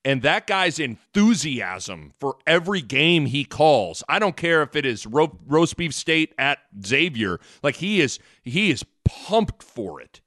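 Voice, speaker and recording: A man's voice: fairly high pitch, very animated, unhurried, few pauses, fairly bright tone, dry recording, clean studio sound. A man co-hosting a sports talk podcast, talking earnestly with many restarts and rambling asides.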